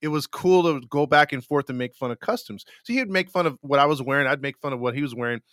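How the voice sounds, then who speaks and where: A man co-hosting a live podcast with a fairly high, bright voice. He tells rambling stories and laughs often. The sound is dry and close. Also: fast, no echo. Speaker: podcast host. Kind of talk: casual chat on a livestream.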